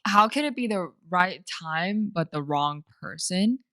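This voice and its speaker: Young female co-host, blunt teasing tone, bright voice. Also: on the low side, expressive, unhurried, no room sound, studio quality. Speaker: podcast co-host. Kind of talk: casual chat.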